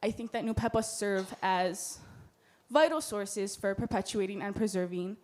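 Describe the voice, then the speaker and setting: A woman's voice: medium pitch, normal speed, darkish tone. A young woman with a Hawaiian accent giving an earnest, heartfelt symposium presentation, with Hawaiian words in her speech. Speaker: student presenter. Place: lecture hall.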